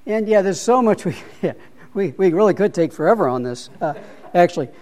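Here the middle-aged man guiding the Bible study sounds high-pitched and brisk, with lively intonation and a darkish tone. He reasons aloud haltingly, full of restarts and repeated words.

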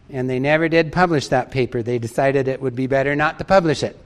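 A man's voice: medium pitch, quick pace, hardly any pauses, smooth. A man preaching a sermon in an emphatic way, repeating key phrases for stress and reading out a story.

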